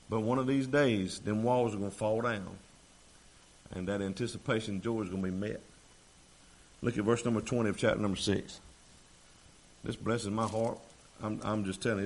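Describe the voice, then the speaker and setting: Preacher guy, folksy, gets loud and fired up at times. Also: medium pitch. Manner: folksy, rising to fervent shouts. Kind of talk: sermon.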